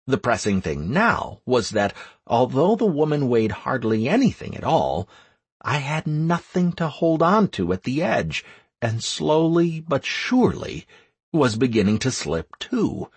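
Male audiobook narrator, husky, lively pitch, dry close studio sound. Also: unhurried, no room sound. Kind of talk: first-person fantasy game audiobook narration.

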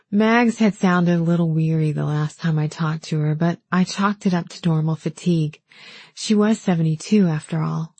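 A woman narrating a first-person novel in a calm, measured, gently wistful way. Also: deep voice, no room sound. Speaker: audiobook narrator.

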